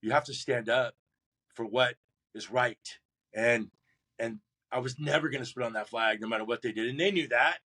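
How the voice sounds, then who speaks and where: A man's voice: mid-range voice, normal speed. A man telling a long personal story in a podcast interview, acting out the voices of others, often restarting his sentences. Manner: animated storyteller who acts out drill instructors and shouts his own replies; many restarts and repeated words. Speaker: guest, Marine veteran.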